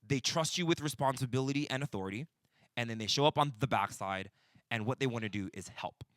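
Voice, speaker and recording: Guy preaching a breakout session, bright forceful voice, dry close sound, lots of restarts. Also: medium pitch, fairly quick, no room sound. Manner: storytelling with many restarts, bursts of intensity. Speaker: pastor teaching a breakout session. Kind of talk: conversational sermon teaching.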